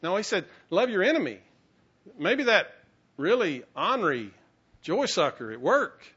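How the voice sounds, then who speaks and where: A man's voice: high-pitched, very animated, a little slow, a bit bright, husky. A man preaching a sermon, telling a personal story with self-mocking humor and acting out the voices he quotes. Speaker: pastor. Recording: muffled, lo-fi sermon recording.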